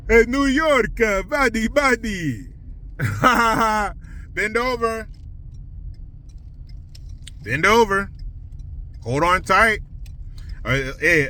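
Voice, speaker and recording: A man's voice: on the high side, sharp tone, poor audio. A man delivering crude, sarcastic ranting commentary while driving in his car. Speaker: commentary vlogger.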